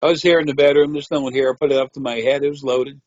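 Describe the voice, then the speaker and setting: A man's voice: medium pitch, steady tone, racing, dry recording, highs cut off. A man telling a rambling personal story in a matter-of-fact way, with frequent swearing. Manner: meandering, profane, matter-of-fact. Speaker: interviewee.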